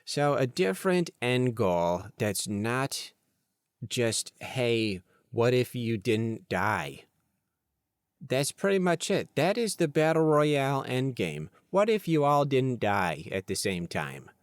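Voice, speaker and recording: A man hosting a podcast alone, rambling playfully and thinking out loud at his desk. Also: medium pitch, sing-song, measured pace, clean tone, dry recording, studio quality. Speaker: podcast host. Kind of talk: casual solo podcast talk.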